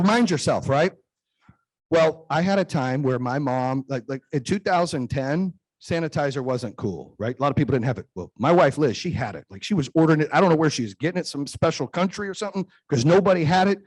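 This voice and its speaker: A man's voice: a little high, animated, brisk, slightly rough, dry recording. A man in his forties, host of a business talk show, telling personal stories in an emphatic, conversational way and often asking "right?". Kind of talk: motivational storytelling.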